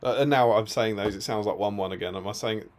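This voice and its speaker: Brief: male co-host, lowish voice, relaxed banter, soft endings to sentences. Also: quick pace. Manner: laughs often, trails off quietly at the end of sentences. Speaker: co-host of a tabletop wargaming stream. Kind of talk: casual chat.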